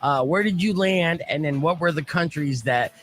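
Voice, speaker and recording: A man's voice: a little high, normal speed, a little hiss or hum. A man hosting a morning radio show, chatting casually in a teasing, upbeat way with plenty of "uh" fillers, in a studio. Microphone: studio microphone.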